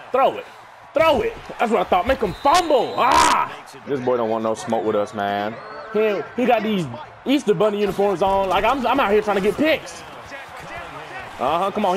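A young man commentating his own football video game match live, hyped and trash-talking. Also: very high voice. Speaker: gaming YouTuber.

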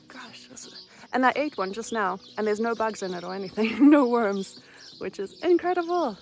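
A woman's voice: on the high side, lively intonation, moderate pace. A woman walking outdoors through a rural village, chatting cheerfully to her camera in a casual vlog. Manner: cheerful, chatty, laughs often. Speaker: vlogger.

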